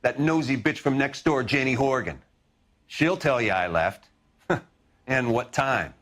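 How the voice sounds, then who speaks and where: An actor playing a defensive husband suspected of murder in a game, speaking haltingly. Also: male voice, mid-range voice, animated, a bit bright. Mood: weary. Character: defensive grieving husband under suspicion.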